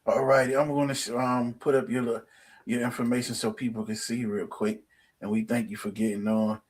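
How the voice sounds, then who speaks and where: A man speaking in a mid-range voice hosts a group call. His talk is relaxed and encouraging. He is loose with fillers and easy phrasing. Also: mid-range voice, normal speed. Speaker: host. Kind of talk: casual hosting of a group call.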